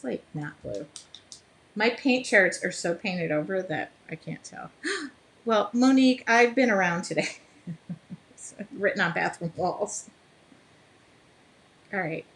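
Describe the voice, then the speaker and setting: A woman's voice: mid-range voice, expressive, measured pace, gravelly, long pauses, slight background noise. An American woman from the Midwest, hosting a casual live stream while she paints, chatting with viewers, laughing often and breaking into bits of song. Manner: chatty, laughs often, sings snatches of songs; reads viewer comments aloud.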